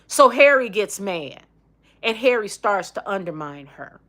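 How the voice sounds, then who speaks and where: A woman's voice: medium pitch, very animated, measured pace, a bit bright. A middle-aged woman hosting a casual opinion livestream, blunt and emphatic, reading viewer comments. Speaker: livestream host.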